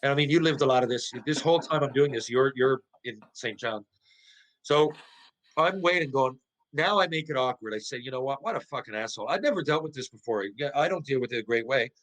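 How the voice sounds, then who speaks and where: Over a rough recording, a middle-aged podcast guest who used to play pro hockey talks a little fast in a mid-range voice. He tells stories casually, animated and profane, with many restarts and rhetorical questions.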